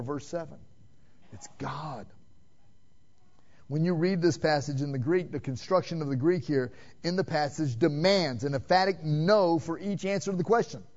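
Fervent man preaching, dull lo-fi sound. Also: fairly high pitch. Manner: swings between loud emphatic questions and hushed quiet passages; direct, addresses listeners with "man" and rhetorical questions. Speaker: pastor. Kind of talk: sermon. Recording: dull lo-fi sermon recording.

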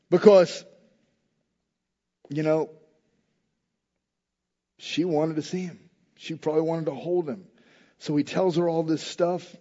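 A male pastor preaching a sermon, telling the story in a lively, humorous way and acting out the people in it. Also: a little high, measured pace, long pauses. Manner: animated storytelling, acting out quoted lines with humor. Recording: echoey hall, dull lo-fi sound.

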